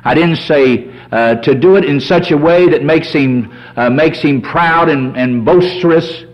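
A man preaching a sermon as a pastor, folksy and animated, telling humorous stories. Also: a little high, measured pace. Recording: dull lo-fi sermon recording.

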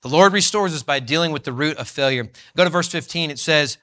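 Male preacher, fervent sermon delivery, bright and forceful voice, a bit high. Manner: fervent, rising to near-shouts when voicing Jesus; reads scripture in old-fashioned wording, slowing for emphasis.

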